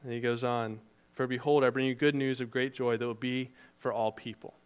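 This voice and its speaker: A man preaching a sermon in a conversational, storytelling way, moving between loud emphasis and quiet asides. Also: mid-range voice, level tone, a little fast, smooth. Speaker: preacher and teacher.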